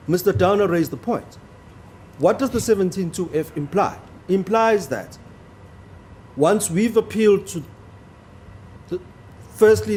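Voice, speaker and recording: A man's voice: high voice, warm tone, a little hiss or hum. A man arguing a legal point before a judge in a courtroom, formal and deferential to the bench, stressing key words. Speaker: advocate.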